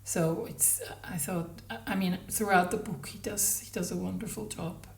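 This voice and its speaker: A woman reading a novel aloud in measured narration, then commenting on it haltingly as a book podcaster. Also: on the low side, steady tone, creaky, recorded from a distance. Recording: roomy, from the mic.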